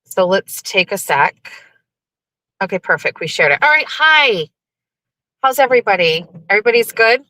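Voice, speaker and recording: A woman's voice: mid-range voice, sing-song, moderate pace, long pauses, pushed and bright, no room sound, poor audio. A middle-aged woman hosting a casual livestream from her car, chatty, greeting viewers over and over with rambling asides. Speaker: livestream host. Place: car, driving.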